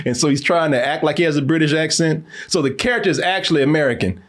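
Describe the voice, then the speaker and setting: A man's voice: fairly high pitch, fast. Laughing man in casual movie banter. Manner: loose, laughing, profane banter. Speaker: co-host reacting to film clips. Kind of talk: casual reaction chat.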